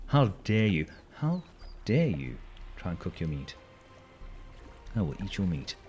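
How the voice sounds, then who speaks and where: A man's voice: low voice, very animated, unhurried, darkish tone, soft background music. A man voicing a militant, indignant personified video game that scolds the player in an outraged tone.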